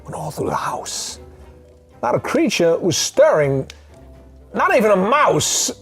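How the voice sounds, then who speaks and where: A man doing a celebrity impression, reciting a holiday poem with dramatic odd pauses. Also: sits high, very animated, breathy edge, soft background music, exaggerated voice. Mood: theatrical.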